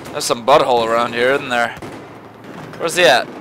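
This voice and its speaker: Excitable man narrating his game, bright voice. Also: medium pitch, moderate pace, a little hiss or hum. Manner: excitable, swears and yelps at surprises; mutters quietly to himself between outbursts. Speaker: gamer. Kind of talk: gameplay commentary. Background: faint gunfire from the game.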